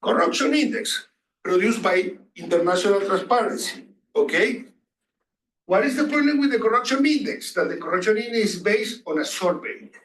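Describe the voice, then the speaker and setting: A man's voice: sits high, animated, normal speed, fairly bright tone. A man lecturing a class, asking the students questions and repeating key phrases. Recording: echoey distant room recording.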